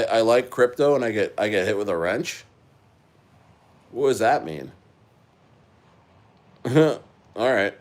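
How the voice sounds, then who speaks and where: Rambling, halting crypto streamer guy. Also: medium pitch. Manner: rambling, halting, many restarts, reads and answers chat. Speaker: crypto livestream host. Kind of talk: casual livestream chat. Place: living in Chile.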